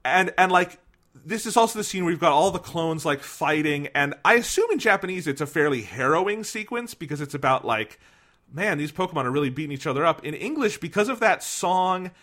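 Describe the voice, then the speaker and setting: A man chatting casually about a film, animated, laughing often and quoting lines in playful voices. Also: fairly high pitch. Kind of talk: casual chat, film discussion.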